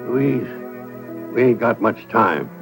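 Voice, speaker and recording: An older actor playing a folksy, gallant retired Texas Ranger in a 1970 western film, with a drawling manner. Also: male voice, mid-range voice, animated, slow pace, gravelly, music in the background, poor audio. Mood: tender.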